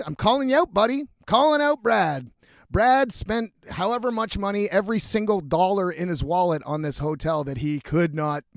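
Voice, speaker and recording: A man's voice: high voice, gravelly, dry recording, studio quality. A young man telling a rambling, profane party story in a casual vlog, full of restarts. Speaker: vlogger.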